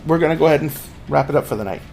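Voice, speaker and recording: A man's voice: a little high, racing, creaky, a little mellow, a little hiss or hum. A man game master narrating a tabletop game scene, with frequent restarts.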